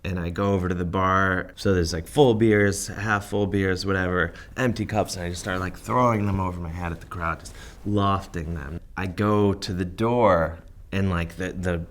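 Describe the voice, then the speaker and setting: Deep-voiced man telling a comic story. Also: fairly even intonation, moderate pace, a bit bright. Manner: rambling, filler-heavy, acts out quotes. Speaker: comedian.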